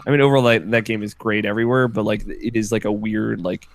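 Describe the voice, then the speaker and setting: A man co-hosting a casual podcast chat, talking in a relaxed, rambling way with plenty of fillers. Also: lowish voice, fast talker. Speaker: podcast co-host.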